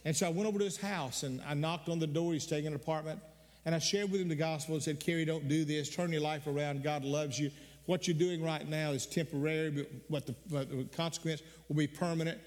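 A man's voice: on the high side, fairly even intonation, fast, a little mellow. Older male pastor in a reverberant hall. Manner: earnest storytelling with repeated words and sudden emphatic rises. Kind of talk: sermon.

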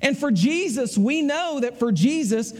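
A man's voice: very high voice, lively intonation, a little slow, darkish tone, big-room sound. A man with a Southern US accent preaching a sermon in a folksy, conversational way, repeating his phrases. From American South.

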